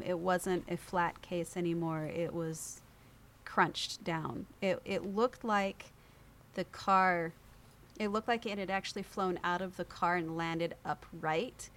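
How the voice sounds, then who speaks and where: A woman guest on an interview show, telling a story in a lively way, acting out other people's voices and laughing often. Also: fairly low pitch, gravelly, a little hiss or hum. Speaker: podcast guest.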